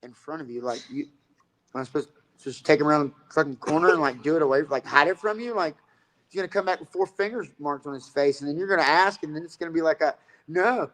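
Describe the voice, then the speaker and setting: A man's voice: fairly high pitch, fast, a bit bright, poor audio. A man telling a rambling, profane story about fighting and coaching in a casual interview.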